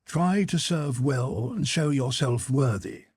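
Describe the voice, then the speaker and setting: A man's voice: on the high side, a little slow, a little mellow, dry recording, studio quality, voice pushed up. A man voicing a haughty, self-important older nobleman who speaks curtly, with severity and indifference. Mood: curt, lofty.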